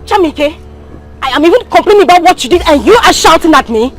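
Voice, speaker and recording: A woman's voice: fairly high pitch, very animated, normal speed, soft background music. An indignant young girlfriend. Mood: frantic. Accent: Nigerian. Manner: indignant, emphatic. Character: young woman fed up with her hot-tempered boyfriend.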